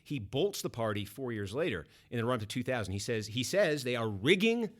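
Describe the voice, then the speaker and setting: On a podcast, a guest author from Boston speaks briskly in a medium-pitched voice as he rattles off political stories. The anecdotes come animated and loaded with detail.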